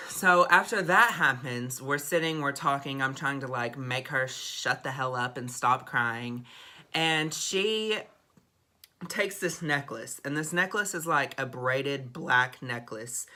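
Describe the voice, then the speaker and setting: A young man with a drawl tells a story straight to camera in vlog style. His voice is bright and sharp, and his delivery is dramatic and expressive, peppered with swearing. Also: medium pitch, takes it slowly. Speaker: vlogger.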